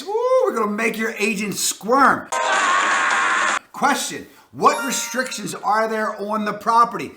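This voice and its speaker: This man, a Baltimore-accented real estate agent, delivers lively, catchphrase-heavy advice with plenty of emphasis. His voice is high, and the sound is reverberant.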